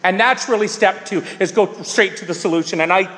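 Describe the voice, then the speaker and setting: A man's voice: high-pitched, a little fast, fairly bright tone, big-room sound. A man sharing his story at a recovery meeting, talking in an emphatic, repetitive, preaching way. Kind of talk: sharing at a twelve-step meeting.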